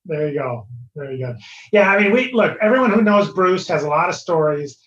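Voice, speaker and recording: A middle-aged man talks casually as a guest, pausing often and filling gaps with small hesitations. His voice is slightly higher than most men's. It comes through a roomy, muffled remote connection. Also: animated, a bit bright. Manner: hesitant, lots of fillers. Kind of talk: casual chat. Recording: roomy, dull remote audio.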